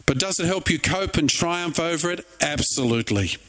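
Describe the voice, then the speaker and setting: A middle-aged man preaching in a high, light voice. He speaks earnestly yet conversationally, slipping in wry asides between points. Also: lively intonation, normal speed, fairly bright tone. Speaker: pastor. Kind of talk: sermon.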